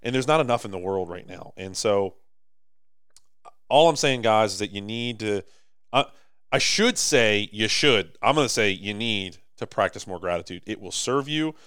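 A man with an American accent co-hosting a podcast in casual chat, rambling and animated, swinging between loud and soft. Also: lowish voice, normal speed, clean tone, no room sound, clean studio sound. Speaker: podcast co-host.

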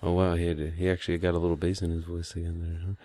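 A man's voice: low-pitched, completely flat delivery, very fast, dark tone, no room sound. A man co-hosting a casual podcast into a headset, laid-back and jokey, laughing often. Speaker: podcast co-host. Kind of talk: casual crude podcast banter.

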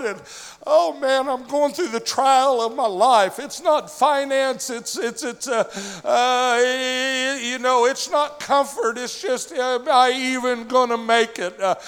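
Male pastor, high gravelly voice, heated testimony with "uh" fillers, reverberant church hall. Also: steady tone, slow. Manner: builds from quiet storytelling to shouting, with frequent "uh" fillers. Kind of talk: sermon testimony.

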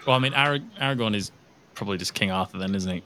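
A man's voice: lowish voice, rapid-fire, sharp tone, a little hiss or hum. A man co-hosting a casual podcast chat, rambling and looking things up as he talks. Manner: rambling, looks things up aloud. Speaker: podcast co-host.

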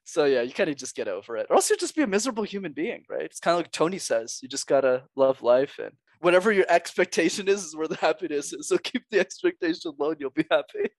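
Lively young man, upbeat and laughing. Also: a little high, fast, dry recording. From Montreal, Canada. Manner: upbeat, laughs often, acts out quoted voices. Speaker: guest, public speaking coach. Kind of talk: casual podcast interview.

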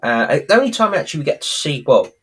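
A man's voice: fairly high pitch, big pitch swings, quick pace, breathy edge. A man chatting casually as podcast co-host, retelling a sitcom episode and acting out the characters' lines.

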